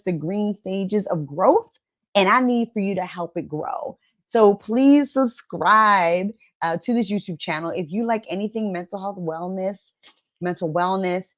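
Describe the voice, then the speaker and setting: A woman giving a motivational wellness talk to camera, emphatic and conversational, often checking in with "right?" and acting out quoted inner voices. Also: mid-range voice. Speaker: wellness coach and channel host.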